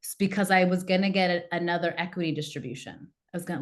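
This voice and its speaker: A woman, a coach and podcast guest, telling a personal story in a lively way and acting out what her family said. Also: fairly low pitch, fast. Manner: animated, acts out quoted family members. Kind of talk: casual interview storytelling.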